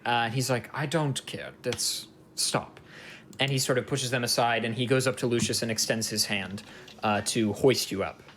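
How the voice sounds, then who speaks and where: A man's voice: medium pitch, fairly even intonation, fairly quick, fairly bright tone, a little hiss or hum. A man narrating as dungeon master in a tabletop game, loose and filler-heavy.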